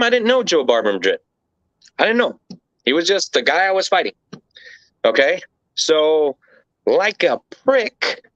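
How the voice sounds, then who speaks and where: A man's voice: mid-range voice, a bit bright, no echo. A man being interviewed, telling a story casually and animatedly, with plenty of swearing and rambling asides. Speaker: interview guest. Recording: dull lo-fi dry recording.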